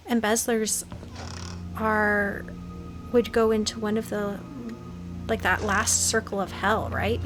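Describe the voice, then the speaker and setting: A woman's voice: medium pitch, poor audio. A young woman casually commenting as she plays a creepy game, chatty and jokey, dropping into nervous whispers. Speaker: gaming video host.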